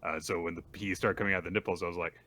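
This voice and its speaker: Male podcast co-host, low voice, sharp bright tone, rambling casual delivery. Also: fairly even intonation, very fast, a little hiss or hum. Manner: rambling, many fillers, laughs at jokes. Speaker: co-host of a manga recap podcast.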